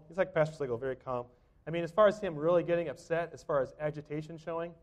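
A middle-aged man preaching a sermon in a church, talking in a conversational way with frequent restarts and fillers. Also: mid-range voice. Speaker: pastor. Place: church sanctuary.

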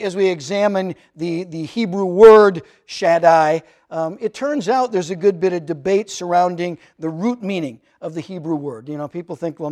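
High-voiced man preaching a sermon. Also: darkish tone. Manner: conversational preaching with frequent restarts and quoted speech. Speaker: pastor.

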